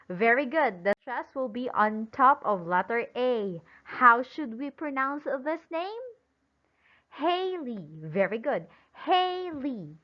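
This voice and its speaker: A woman teaching an English lesson slowly and emphatically, pausing for imagined answers and praising them. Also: high-pitched. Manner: praising and drawing out example words. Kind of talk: recorded classroom-style lesson. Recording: dull lo-fi sound.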